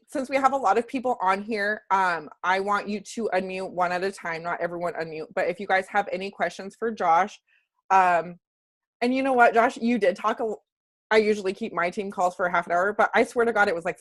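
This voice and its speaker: A woman hosting a casual team call, chatty and emotional, often laughing. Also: mid-range voice.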